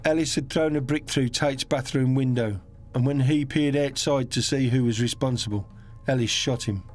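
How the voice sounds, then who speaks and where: A man narrating a crime documentary in a measured, grave manner. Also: mid-range voice, steady tone, soft background music.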